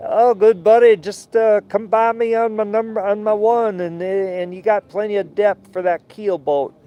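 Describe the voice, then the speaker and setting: Man putting on a Southern-accented barge captain, easygoing drawl, raised pitch. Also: fairly even intonation, moderate pace, clean tone, muffled recording, lightly acted. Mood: friendly. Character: friendly Southern male barge captain on radio.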